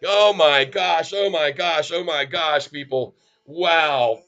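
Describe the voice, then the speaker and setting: A man's voice: on the high side, slow, sharp tone, highs cut off. A middle-aged man, hosting a stock livestream and calling out chart moves in exclamations to his viewers. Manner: exclamatory, talks straight to viewers as folks. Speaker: stock market livestream host. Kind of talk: excited live commentary on a stock chart.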